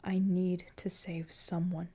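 A woman voicing Ryan, a guilt-ridden male agent who speaks in a quiet, subdued, earnest way. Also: on the low side, steady tone, a little slow.

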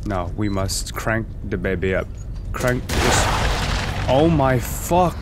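Loud, cursing man playing a game. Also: on the low side, big pitch swings, slow pace, very noisy. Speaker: gaming video host. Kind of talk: let's play commentary. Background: game music and sounds.

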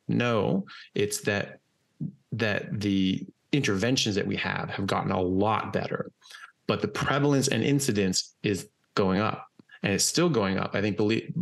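A man with a deep, gravelly voice talks through his argument in a relaxed podcast chat. He is emphatic and blunt, stumbling over repeated words and fillers as he builds each point, and he drops the odd swear word. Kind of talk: casual podcast conversation.

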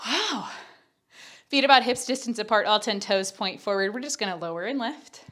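A young Pilates instructor with a medium-pitched, fairly bright voice leads a workout, animated and at normal speed. Out of breath, she's chatty and candid as she counts reps and explains the moves.

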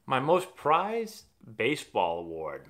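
A Massachusetts man answers viewer questions on a relaxed live stream, speaking slowly with huge swings in pitch. His voice sits at medium pitch with a bit of brightness. He rambles chattily through stories and often begins sentences again.

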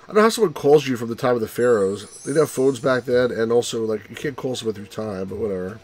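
A man's voice: mid-range voice, animated, fast talker, a little mellow. Wry rambling let's play guy. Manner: rambling, wry, mildly sweary. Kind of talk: casual game commentary.

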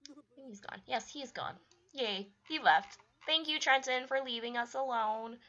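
A woman hosting a video game let's-play, chatting casually and pleading with the characters in an animated, playful way. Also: on the high side, normal speed. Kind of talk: casual commentary while playing a life-sim game. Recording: dull lo-fi mic.

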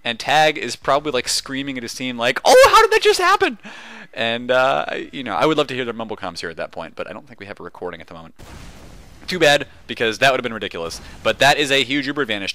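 A young man casting a competitive video game match alone, excitable and jokey, rambling into asides full of fillers. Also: medium pitch. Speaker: esports caster. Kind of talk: solo play-by-play commentary.

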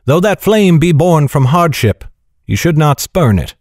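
Man playing a calm, wise older knight. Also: a little high, dry recording, clean studio sound, voice pushed up. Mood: grave, gentle. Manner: measured, calm, soft-spoken.

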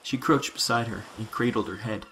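A man narrating science fiction in a measured, dramatic reading. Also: fairly low pitch, fairly bright tone, a little hiss or hum, poor audio.

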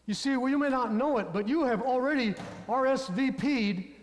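A man's voice: very high voice, normal speed. A man preaching a sermon as a pastor, telling a story and speaking directly to his congregation. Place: church sanctuary. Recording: long church reverb.

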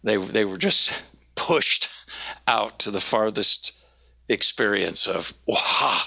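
A man preaching a sermon, animated, slowing down to stress key words and raising his voice when he quotes. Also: creaky. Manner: animated, quoting with raised pitch, slowing for emphasis. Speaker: pastor.

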